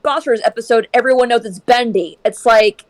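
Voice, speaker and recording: High-voiced woman ranting opinionatedly. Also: a little fast, no echo. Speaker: streamer. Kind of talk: casual chat while gaming.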